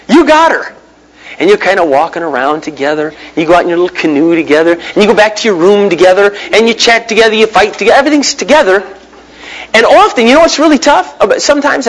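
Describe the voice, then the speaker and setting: Animated high-voiced male preacher. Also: low-quality recording. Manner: animated storyteller, big pitch swings, mimics voices. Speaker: pastor. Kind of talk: sermon with personal stories.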